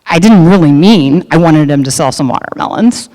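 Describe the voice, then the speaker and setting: A woman's voice: low voice, animated, moderate pace, warm tone. Chatty woman telling a story in a hall. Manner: chatty, many fillers and restarts. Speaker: produce business owner giving a luncheon talk. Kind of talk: storytelling speech. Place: large event hall. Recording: long hall reverb.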